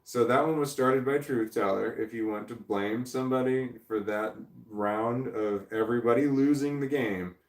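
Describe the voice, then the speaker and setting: Recorded from a distance in a roomy-sounding indoor space, the host speaks at a moderate pace with a medium pitch and few pauses. Seated in a creaky chair, he answers chat in a casual, rambling, self-deprecating livestream.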